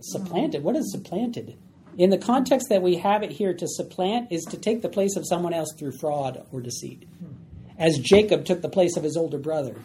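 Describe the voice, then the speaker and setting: Male Bible study teacher, mellow tone, light background hiss. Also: a little high. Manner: explains plainly, acts out voices.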